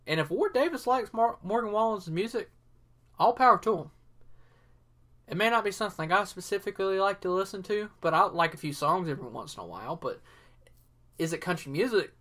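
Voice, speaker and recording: A man's voice: a little high, a bit bright. A man with a Southern accent hosting a solo podcast, rambling casually with lots of fillers and opinions. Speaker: podcast host.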